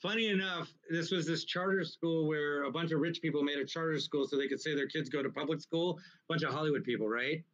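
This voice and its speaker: Brief: rambling, profane male comedian, bright voice. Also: fairly high pitch, fast, few pauses. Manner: rambling, profane, animated anecdotes. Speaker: guest comedian. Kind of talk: casual storytelling in a live interview. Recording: muffled, lo-fi recording.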